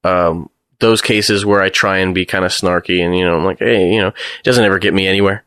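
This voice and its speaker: A man's voice: low-pitched, smooth, dry recording, clean studio sound. A young American man, a photographer, telling stories in a casual interview and acting out the exchanges he quotes. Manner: fast, animated storytelling, acts out quoted exchanges.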